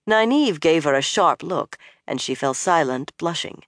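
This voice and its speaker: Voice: mid-range voice, expressive, a little slow, few pauses, a bit bright, dry recording. Dry, close audiobook narrator. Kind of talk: scripted narration.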